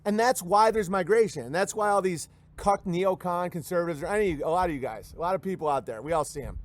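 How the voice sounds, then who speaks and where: This is a man with a high voice who talks fast. He's a comedian hosting a talk stream, delivering a joking, rambling rant and frequently switching into impressions of other voices.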